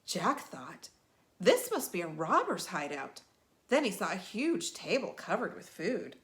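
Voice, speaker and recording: A woman reads a picture book aloud with lots of expression. Her voice sits a bit high and moves around a great deal. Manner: expressive, animated. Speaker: storyteller.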